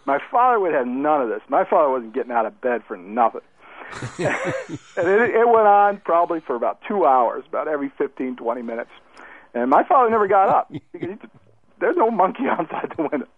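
Guy calling in on a tinny phone line, animated storyteller, bit high. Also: a little fast, no echo. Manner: lively storyteller. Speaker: caller. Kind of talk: telling a story on a call-in show.

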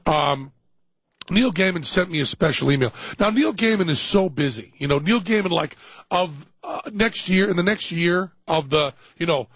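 A man's voice: fairly high pitch, animated, moderate pace, a bit bright, breathy edge, dry recording. Radio host, male, rambling comic exaggeration, dry close mic, lo-fi broadcast. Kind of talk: casual radio banter. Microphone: studio microphone.

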